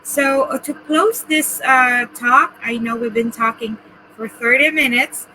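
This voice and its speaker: A woman's voice: on the high side, a little slow, bright, forceful tone, a little hiss or hum, rough recording. A woman from the Philippines hosting a casual interview, chatty and enthusiastic with many fillers. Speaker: host.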